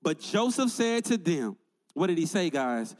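A man's voice: a little high, sing-song, a little slow, long reverb tail. A male pastor preaching a sermon in an emphatic, conversational way, building points through repetition.

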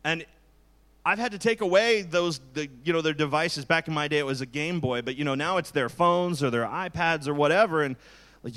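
A man's voice: a little high, fairly quick, fairly bright tone. A man in his forties, a pastor, preaching in a candid, joking, conversational way. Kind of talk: sermon.

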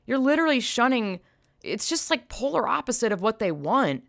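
A woman's voice: on the high side, sing-song, moderate pace, creaky, dry recording, clean studio sound. Blunt, profane woman ranting casually. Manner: blunt and profane, emphatic, sighing. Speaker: vlogger. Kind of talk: casual opinion monologue.

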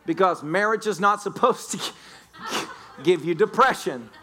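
A man's voice: high-pitched, lively intonation, measured pace, bright, forceful tone. A man preaching a sermon as a pastor, joking and playfully telling stories to the congregation. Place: church sanctuary.

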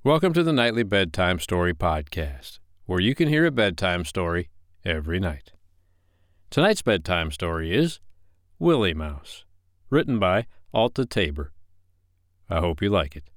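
A man who hosts a podcast, reading a bedtime story aloud with a gentle, expressive manner. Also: low-pitched, normal speed, no room sound, clean studio sound.

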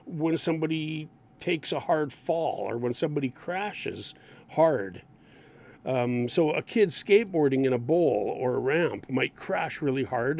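A man teaching English idioms, explaining each one and acting out example lines in an animated way. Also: fairly high pitch, vocal fry.

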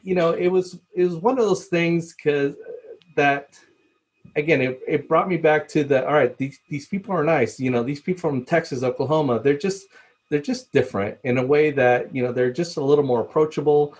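A man's voice: fairly high pitch, moderate pace. A man telling a story in casual talk, laughing often and acting out the people he quotes. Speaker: podcast guest, former cruise ship purser.

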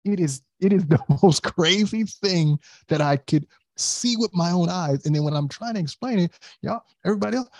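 A man's voice: sits high, moderate pace, dry recording. A man in casual podcast chat, talking animatedly and acting out quotes, with many restarts.

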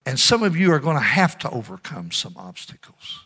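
A middle-aged male pastor preaching a sermon in call-and-response style, drawing amens from the congregation. His voice sits a little high and rings bright and forceful. He swings between loud emphasis and hushed asides. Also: wildly swooping pitch, a little fast, slightly rough.

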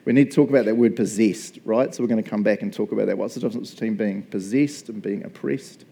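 A man's voice: lowish voice, quick pace, gravelly, dark tone, slightly rough. A male pastor giving a casual, conversational sermon. He laughs often and keeps asking "right?". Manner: chatty, laughs often, asks "right?" a lot.

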